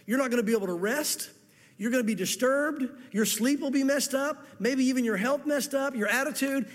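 Man, pastor, sermon, very high pitch, long reverb, earnest delivery. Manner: earnest, acts out the dialogue of the parable.

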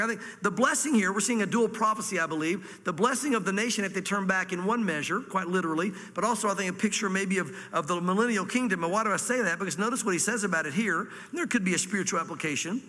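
A man's voice: high voice, fast talker, hardly any pauses, bright, forceful tone, big-room sound. A man from Virginia with a Southern accent, a pastor teaching a sermon through scripture with folksy asides. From Virginia, USA. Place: church hall before a congregation.

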